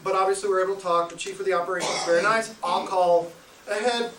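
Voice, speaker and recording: A man's voice: high-pitched, fairly even intonation, fast talker, background noise. A man performing stand-up comedy, telling a travel story live and chuckling through his own tale. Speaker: stand-up comic. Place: live show venue. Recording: echoey room, mic from a distance.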